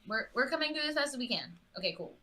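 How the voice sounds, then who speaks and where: Bright, chatty woman player. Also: sits high, sing-song, fast. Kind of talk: casual tabletop play.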